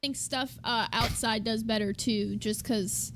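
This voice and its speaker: A woman's voice: on the high side, steady tone, measured pace, a bit bright, slight background noise. An easygoing woman chatting casually, rambling a little as she talks. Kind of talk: casual chat.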